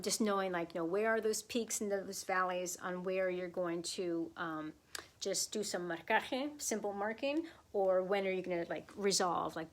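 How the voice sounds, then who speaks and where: A woman's voice: medium pitch, fairly bright tone. A woman flamenco dance teacher answering questions in a live online Q&A, chatty and encouraging, with many fillers and asides.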